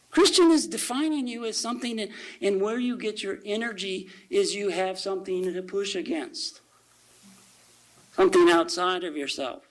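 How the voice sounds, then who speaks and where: A man giving a conversational sermon at a church service, reading quotations aloud slowly and asking the congregation rhetorical questions. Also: high voice, rough recording.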